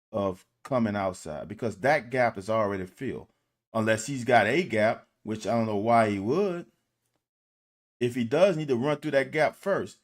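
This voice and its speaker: A man giving casual commentary on football game film. He talks to viewers directly and critiques the plays in an animated, exasperated way, with swearing. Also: mid-range voice. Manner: addresses viewers directly as "y'all". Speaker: football film breakdown host.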